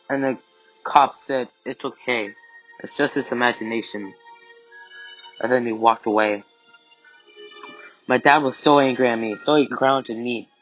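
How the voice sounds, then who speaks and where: A man telling an improvised scary story in the first person, halting with restarts and strings of "and then", on a dull lo-fi recording with faint music. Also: medium pitch, fairly bright tone.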